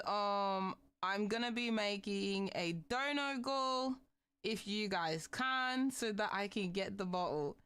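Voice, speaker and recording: A woman's voice: mid-range voice, a bit bright, clear, resonant tone. A young adult woman VTuber streamer chatting casually with her viewers, ranting animatedly and swearing often. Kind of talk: casual livestream chat.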